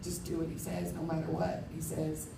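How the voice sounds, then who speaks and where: A woman's voice: low-pitched, monotone, creaky. Woman preaching her testimony, blunt and emphatic, kinda distant from the mic, faint room hum behind. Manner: candid, emphatic, quick to laugh at herself. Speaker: conference speaker. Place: conference hall. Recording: roomy hall, speaker far from mic.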